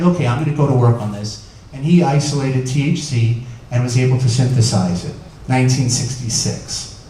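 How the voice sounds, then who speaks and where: A man gives a loose, conversational lecture as a doctor, with plenty of "uh"s and questions tossed to the audience. His voice is mellow and dark, sitting at a middle pitch. He is picked up from a distance in a very echoey room, with faint room noise behind him. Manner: conversational, lots of fillers, asks the audience questions. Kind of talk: informal lecture.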